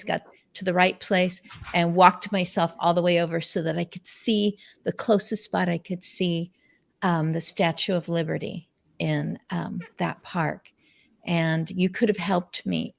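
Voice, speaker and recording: A woman's voice: lowish voice, gravelly. A woman hosting an unscripted video-call conversation, talking effusively and with enthusiasm. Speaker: host.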